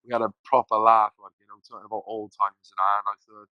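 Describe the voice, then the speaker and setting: A man's voice: fairly low pitch, little pitch movement, fast, dry recording, highs cut off. A man, a podcast guest telling his story casually, rambling, swearing freely and acting out the voices of people he quotes.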